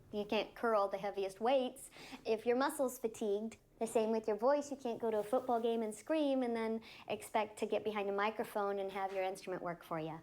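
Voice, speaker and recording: A woman's voice: medium pitch, darkish tone, rough recording. A female voice actor giving practical, explanatory advice in an interview.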